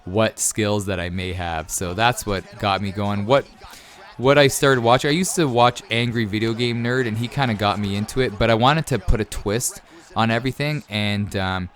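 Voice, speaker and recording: Man, thirties, low voice, chatty gaming YouTuber, casual viewer Q&A, rambling. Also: normal speed. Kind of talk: casual Q&A over gameplay.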